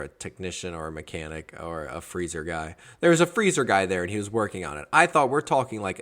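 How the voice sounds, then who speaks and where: A man from Georgia hosting a podcast, telling his stories in a casual, animated and jokey way. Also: deep voice. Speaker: podcast host. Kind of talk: casual storytelling chat.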